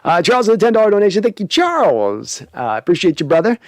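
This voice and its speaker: Male streamer host, casual and jokey, reads chat aloud; a little high-pitched, dry close sound. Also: very animated, quick pace, no echo. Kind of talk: casual livestream chat reading viewer comments.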